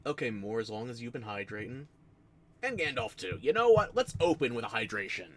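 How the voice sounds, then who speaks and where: Man, New Jersey accent, streamer chatting with viewers, lively swinging pitch, rambling self-mocking stories, desk mic. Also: brisk, slight background noise. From United States. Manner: rambling, self-mocking storytelling with frequent laughs. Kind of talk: casual stream chat.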